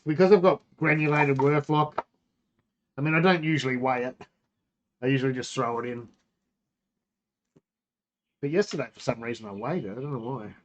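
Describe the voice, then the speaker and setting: An Australian man chatting casually on his home-brewing live stream, rambling, laughing and breaking off mid-sentence. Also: mid-range voice. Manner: rambling, laughing, self-interrupting.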